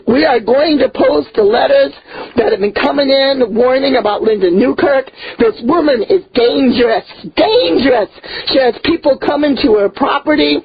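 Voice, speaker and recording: A woman's voice: fairly high pitch, breathy edge, lo-fi sound. A woman leading a ministry, delivering an impassioned sermon of rebuke with a voice breaking into tears, repeating words for emphasis. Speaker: prophet and ministry leader.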